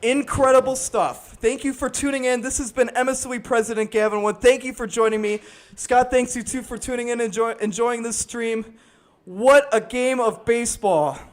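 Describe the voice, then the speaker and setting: A young man calling a college baseball game live, excitable and shouting on big plays, and out of breath near the end. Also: very high voice, moderate pace. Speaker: play-by-play announcer.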